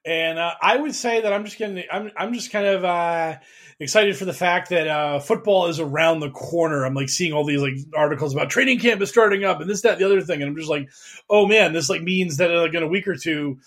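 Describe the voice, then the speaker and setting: Animated, mocking podcast host, fairly high voice. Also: male voice. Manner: animated, mocking, does quick voices for other people. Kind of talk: casual chat.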